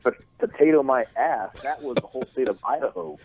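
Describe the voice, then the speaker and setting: A middle-aged man with a Texan accent, a wrestling promoter telling animated stories in a phone interview, repeating words as he goes. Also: mid-range voice, a little fast, a little hiss or hum. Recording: tinny dry phone line.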